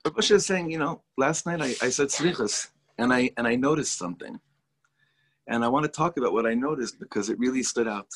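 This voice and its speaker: A man's voice: medium pitch, fairly quick, slight background noise. A man teaching a Torah class to students, talking in an enthusiastic, chatty way and mixing in Hebrew and Yiddish words.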